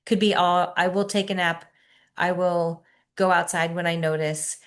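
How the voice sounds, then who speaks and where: A woman in her fifties, a coach leading an online workshop, talking in an earnest, encouraging way and easing into soft, slow guided reflection. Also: fairly low pitch, fairly even intonation, clean tone.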